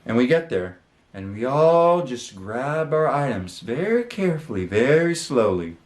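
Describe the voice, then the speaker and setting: A man's voice: medium pitch, sing-song, unhurried, reverberant. A man hosting his channel, telling a story in a casual, rambling way, with lots of fillers and the odd swear word. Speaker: channel host. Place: his room.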